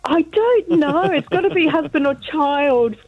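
Aussie lady on the phone to the radio, super high voice, giggly. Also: unhurried, no echo, highs cut off. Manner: giggly, delighted. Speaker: radio caller.

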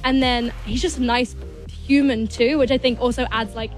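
A teenage girl with an English accent talks as a guest on a radio show. Her voice sits high, and she gushes and rambles with plenty of "like". Faint music plays behind her. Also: steady tone, normal speed. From England. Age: teens. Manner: bubbly, rambling, heavy use of "like". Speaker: guest singer and actor. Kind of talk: casual radio interview chat. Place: radio studio.

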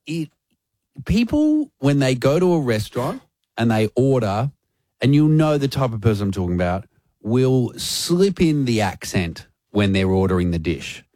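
A young man co-hosting an afternoon radio show, chatting in a playful, animated way with a lively, swooping pitch. His voice sounds dry and close, with no room around it. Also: moderate pace, no room sound. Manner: animated, playful, mock accents in quotes. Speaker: radio co-host. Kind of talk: casual radio banter.

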